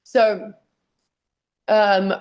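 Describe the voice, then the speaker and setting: A woman's voice: mid-range voice, little pitch movement, extremely slow, smooth, muffled recording. A woman guest, a wrestler and author, talking candidly and emotionally at home, swearing freely and speaking bluntly. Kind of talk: candid interview over a call. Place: at home with her dog nearby.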